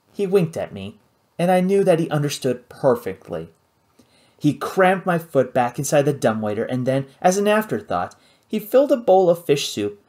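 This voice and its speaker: A man narrating a novel as an audiobook, in an expressive storytelling manner. His pitch is lively and moves freely through the lines. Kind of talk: scripted narration.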